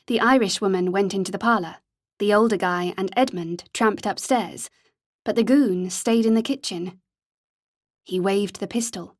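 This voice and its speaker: This is a woman's audiobook narration, delivered steadily and with measured care. Her mid-range voice comes through clean studio sound without any room sound.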